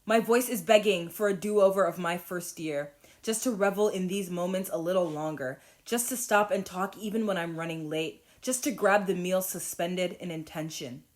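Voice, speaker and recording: A woman's voice: on the low side, normal speed. A young woman performing spoken word in a wistful, earnest way. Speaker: student poet.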